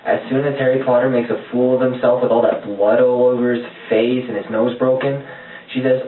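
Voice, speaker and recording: A man's voice: medium pitch, little pitch movement, brisk. A man retelling movie scenes in casual chat, rambling and jokey. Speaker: movie reviewer. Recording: echoey, distant, phone-like lo-fi sound with faint noise.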